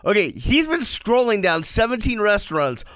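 A man's voice: sits high, moderate pace, dry recording. A man co-hosting a sports radio show, teasing the others and laughing often. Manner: teasing, laughing, very lively delivery. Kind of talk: casual sports banter.

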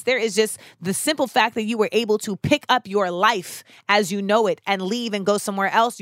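A woman's voice: mid-range voice, a bit bright, no echo. A young woman speaks as a podcast host. She talks in a reflective, earnest way and leans on "you know" and "like" as she thinks aloud. Her voice is recorded close and dry, with no room sound. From United States.

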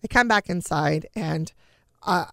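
Gravelly middle-aged woman telling a personal story. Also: fairly low pitch, fairly bright tone, dry recording, clean studio sound. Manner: earnest, halting, relives scenes by quoting dialogue. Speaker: guest sharing a family story.

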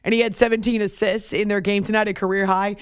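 A woman hosting a late-night sports radio show, chatting quickly with laughs and asides. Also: medium pitch, little pitch movement, smooth, no room sound, clean studio sound. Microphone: studio microphone.

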